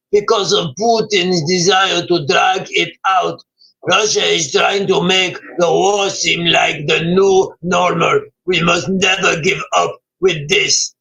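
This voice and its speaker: A man doing an impression of an earnest middle-aged male wartime president, speaking slowly and gravely as if giving a solemn address. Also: high voice, pushed and bright, voice pushed down, full character voice, rough recording. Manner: slow, grave, declaiming.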